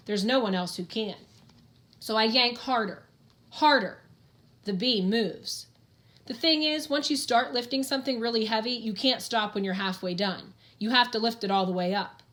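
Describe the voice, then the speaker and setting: A woman's voice: a little high, fairly bright tone. A woman reading a first-person audiobook in an earnest, plain-spoken storytelling manner. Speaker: audiobook narrator.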